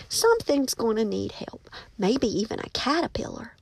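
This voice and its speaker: A woman's voice: a little high, big pitch swings, moderate pace, vocal fry, slightly rough, dry recording. A woman who writes children's books and teaches, chatting casually and enthusiastically to her viewers. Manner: enthusiastic, gushing. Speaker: children's book author.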